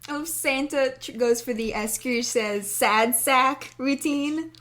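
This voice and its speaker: A woman's voice: high voice, fairly bright tone, slight background noise. A woman co-hosting a podcast in casual chat, giggly and chatty. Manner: giggly, chatty, quick asides. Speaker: podcast co-host.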